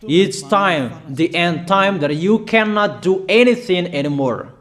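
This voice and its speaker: Preacher, male, higher-pitched, slow and emphatic, declaiming prophecy. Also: lively intonation, fairly bright tone. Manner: declaiming, emphatic, repeats warnings, halting fillers. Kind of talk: prophetic sermon.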